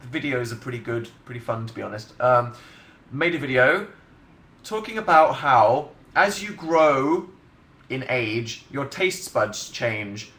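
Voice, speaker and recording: A man's voice: medium pitch, a bit bright, reverberant. Sardonic young man chatting on a livestream. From England. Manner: rambling, sardonic, laughs often. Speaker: livestream host. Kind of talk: casual livestream chat reading comments. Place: bedroom livestream setup, indoors.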